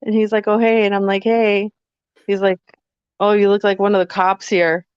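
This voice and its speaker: A woman's voice: mid-range voice, flat delivery, normal speed, a little mellow, clear, resonant tone, lo-fi sound. A woman co-hosting a podcast who teases her partner sarcastically and acts out their past conversations. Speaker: podcast co-host. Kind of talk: casual chat.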